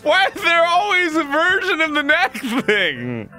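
A man doing let's play commentary on a game, his voice swinging widely in pitch as he exclaims in horror and laughs often. It sits fairly high and sounds bright. He talks at an unhurried pace. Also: soft background music. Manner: animated, horrified exclamations and frequent laughter. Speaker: gaming video host.

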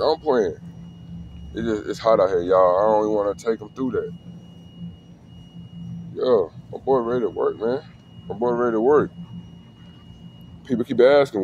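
Man, lowish voice, slangy and laid-back, outdoors, faint traffic and dog sounds. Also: moderate pace, long pauses, darkish tone. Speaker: dog breeder. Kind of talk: casual vlog talk.

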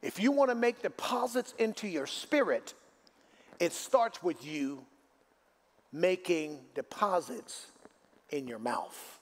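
A man's voice: sits high, animated, slow, pauses often. A male pastor preaching a sermon, asking the congregation for responses and building to emphatic repeated declarations. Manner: preaching with call-and-response questions. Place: church sanctuary.

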